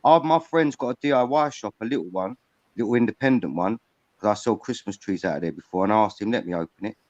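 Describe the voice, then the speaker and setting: A man rattles along at a fast clip in a blunt, swearing livestream chat. His voice comes over a dull, lo-fi online call with a dry, close sound. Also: fairly low pitch, animated, darkish tone, no echo. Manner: blunt, swears freely, talks fast in bursts. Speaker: panel guest. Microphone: video call.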